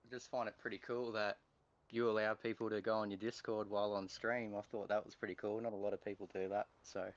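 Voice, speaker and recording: A man's voice: lowish voice, flat delivery, fast talker, slight background noise. A man with an Australian accent speaking through his phone in a voice chat, giving brief, plain replies. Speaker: stream chat guest. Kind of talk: casual voice chat. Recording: dull phone-mic audio.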